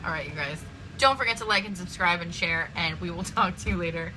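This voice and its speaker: A woman's voice: on the low side, a little fast, pushed and bright, a little hiss or hum, rough recording. A woman hosting a casual chat, teasing and laughing often. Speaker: host.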